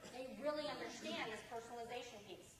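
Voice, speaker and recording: A woman from Georgia speaks with a Southern US accent as she delivers a conference keynote. She tells stories at a rapid clip in a conversational, lively way. Her voice carries from a distance and rings through a large, echoing hall. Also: on the high side, a crowd in the background. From Georgia, USA. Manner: energetic, conversational storytelling. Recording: echoey hall, voice from far off.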